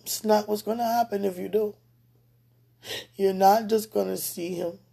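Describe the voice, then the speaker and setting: Gravelly husky woman praying on livestream. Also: mid-range voice, steady tone, normal speed. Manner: talks aloud to God, swings between tearful and soft. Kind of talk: emotional livestream monologue and prayer.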